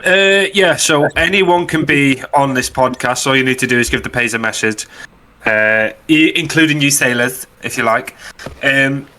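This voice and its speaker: Bright-voiced man teasing. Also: medium pitch, moderate pace. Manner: teasing, blunt. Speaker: podcast co-host. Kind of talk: casual chat.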